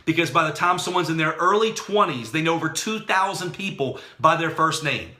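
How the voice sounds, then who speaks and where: A man delivers a motivational training talk with fired-up, preachy energy. His voice sits a little high and has a very bright, forceful edge. The room around him rings with noticeable echo. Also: expressive, brisk. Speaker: network marketing trainer.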